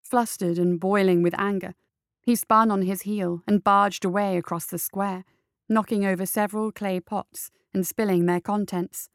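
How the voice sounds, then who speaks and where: A woman reading a story aloud in steady scripted narration. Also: medium pitch, moderate pace, smooth, no room sound, clean studio sound. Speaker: audiobook narrator.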